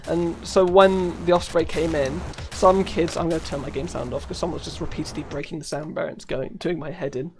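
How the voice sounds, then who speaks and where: A man's voice: a little high, steady tone, a little fast, few pauses, darkish tone, slight background noise. A man with a British accent chatting casually while live-streaming a game, rambling with many fillers and frequent laughs. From United Kingdom.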